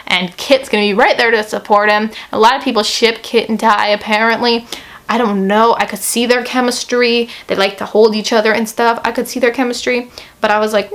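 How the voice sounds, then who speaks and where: Young woman, slightly high voice, gushing book review vlog, lots of likes and swearing. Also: fast. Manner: chatty and expressive, heavy use of "like", swears freely.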